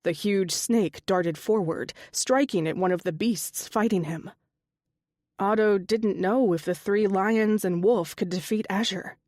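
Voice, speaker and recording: A woman's voice: mid-range voice, measured pace, dry recording. Woman reading an audiobook, dry sound. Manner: even, steady storytelling. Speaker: audiobook narrator. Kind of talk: scripted narration.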